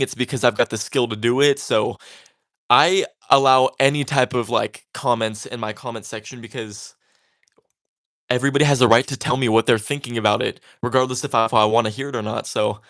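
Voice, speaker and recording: A young man talks casually as he works on a craft, in a chatty and easygoing way. He sounds a little defiant, brushing off critics, and his speech is loose and full of fillers and restarts. His voice sits at an ordinary middle pitch. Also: a bit bright. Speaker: tatting creator. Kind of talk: casual talk while crafting.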